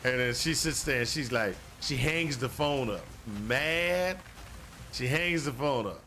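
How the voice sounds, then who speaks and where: A man's voice: medium pitch, moderate pace, bright, forceful tone, slight background noise. A man casually telling a long personal story while playing a video game, rambling and repeating himself with lots of "you know". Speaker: gaming streamer.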